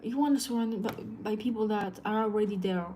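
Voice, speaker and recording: A woman's voice: medium pitch, brisk, dark tone, slight background noise. A woman on a live stream, ranting casually in a blunt, profane way.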